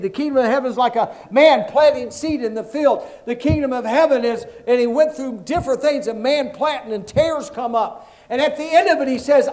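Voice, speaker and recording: Acting out Bible stories and urging the congregation to say amen, a pastor delivers a lively sermon in a very high-pitched male voice.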